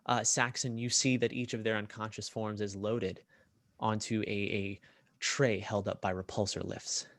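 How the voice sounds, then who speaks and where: Bright-voiced man narrating as game master. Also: fairly low pitch, moderate pace, no echo. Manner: lively, stumbling narration with fillers.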